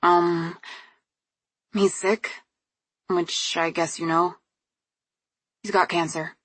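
A woman doing a gentle earnest young man. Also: on the low side, level tone, drawn-out words, slightly rough, no room sound, heavily acted. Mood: sad.

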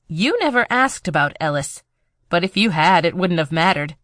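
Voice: medium pitch, animated, normal speed, a bit bright, no echo, clean studio sound, close to an everyday voice. A narrator voicing a frightened but defiant young woman who talks back through clenched teeth. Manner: defiant, tense.

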